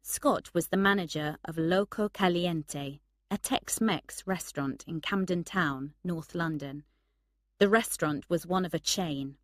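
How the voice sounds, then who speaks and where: Slow, low-voiced woman narrator. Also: dry recording, clean studio sound. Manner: slow, clear reading for learners. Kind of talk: graded-reader audiobook narration.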